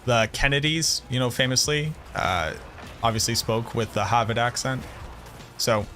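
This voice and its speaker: A man's voice: medium pitch, moderate pace, pushed and bright, slight background noise. A man from the Boston area with a Boston accent, chatting casually and brashly with viewers on a game livestream, swearing and joking. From Boston area, USA. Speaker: game streamer.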